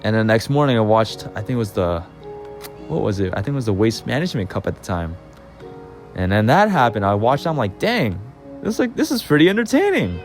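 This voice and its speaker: A young man telling a casual personal story over gameplay, excitable and rambling, often repeating his phrases. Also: fairly low pitch, a little fast, faint music behind. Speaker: channel host.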